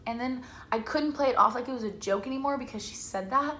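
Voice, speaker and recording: A woman's voice: a little high, fairly quick. A young woman vlogger telling a personal story to camera in a casual, chatty way, filling her talk with "like" and acting out quotes. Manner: chatty, says "like" a lot, quotes herself and family in lively voices. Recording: echoey room with faint ambient noise.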